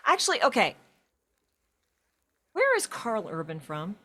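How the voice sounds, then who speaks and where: A woman co-hosting a game stream, chatting casually and telling animated stories while she plays. She talks at an ordinary middle pitch. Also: a little slow. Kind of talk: casual chat while playing.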